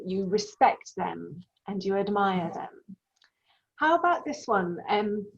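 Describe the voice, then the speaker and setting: A woman's voice: medium pitch, a little mellow. A woman teaching an online English class, patiently explaining vocabulary with examples. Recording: dull lo-fi sound.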